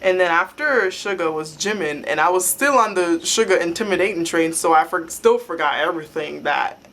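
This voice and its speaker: A young woman telling a story to her vlog camera in a rambling, excitable way, full of "like" fillers. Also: fairly low pitch, fairly quick. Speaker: vlogger. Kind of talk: casual fan storytelling.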